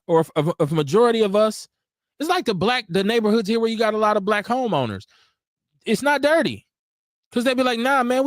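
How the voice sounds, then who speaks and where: Animated blunt man on a live stream. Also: high-pitched, no echo, clean studio sound. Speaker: host. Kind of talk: casual live stream talk. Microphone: video call.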